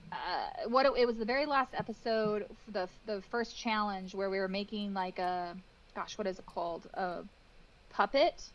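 A woman, a cake decorator, telling stories on a podcast in a casual, animated way, laughing often and acting out what people said. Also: medium pitch, dull audio.

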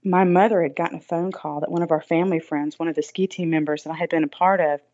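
Woman, podcast guest; earnest, reflective storyteller; lowish voice; dry, dull lo-fi sound. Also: fairly even intonation, fast talker, warm tone. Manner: earnest, reflective, many "you know" fillers. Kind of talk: personal storytelling in an interview.

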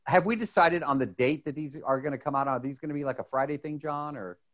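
Excitable rambling man from Texas. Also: fairly high pitch, quick pace. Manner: excitable, rambling, many restarts. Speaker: podcast co-host. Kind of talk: casual podcast chat.

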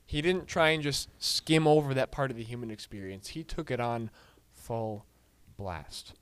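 A man's voice: medium pitch, measured pace, smooth. A man leading a casual group book discussion, full of fillers and restarts, putting questions to the group.

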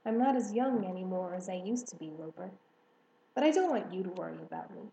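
A woman voicing a gentle, wise female spider who speaks quietly and softly. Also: on the low side, lively intonation, brisk, vocal fry, roomy sound, muffled recording. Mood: tender. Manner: quiet, soft-spoken.

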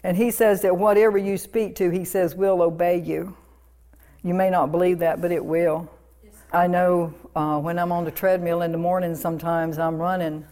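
A woman's voice: on the low side, flat delivery, normal speed, warm tone. A woman pastor preaching a sermon, fervent and declarative, repeating commands and affirmations with restarts.

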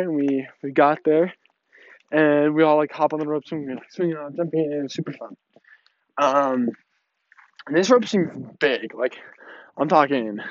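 A man's voice: on the high side, no room sound. A man in his early twenties talking casually in a vlog, rambling with lots of fillers and restarts. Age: 20s. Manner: rambling, many fillers and restarts, laughs often. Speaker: vlogger. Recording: dull lo-fi dry sound.

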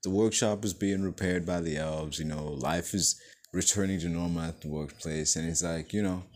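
A man hosting a casual movie review, excitable and profane, with lots of "like" and "you know". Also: low voice, normal speed.

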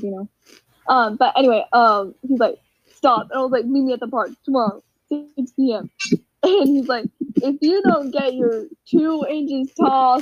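A woman's voice: on the high side, dry recording. A teenage girl casually telling a story to friends on a call, acting out quotes with lots of energy. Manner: animated, acts out quotes, frequent laughs. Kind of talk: casual group chat storytelling. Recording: dull, dry lo-fi call audio.

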